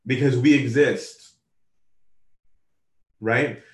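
A man delivers a sermon in a casual, conversational manner, acting out the voices of those he quotes. His medium-pitched voice stays steady and moves extremely slowly, and the recording sounds roomy and distant.

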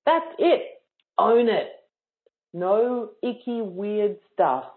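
A woman's voice: medium pitch, animated, very slow. A woman coaching yoga teachers in a live online workshop, casual, playful and frank, teasing her listeners. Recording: tinny phone-like sound.

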